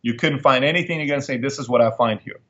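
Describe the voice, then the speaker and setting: A middle-aged man speaks as an interview guest, driving his points home by repeating them and letting feeling into his voice. His pitch sits in an ordinary middle range for a man. The recording sounds a little dull and lo-fi. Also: fast talker, a bit bright. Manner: emphatic, repeats lines for effect, emotional storyteller. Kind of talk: candid storytelling interview.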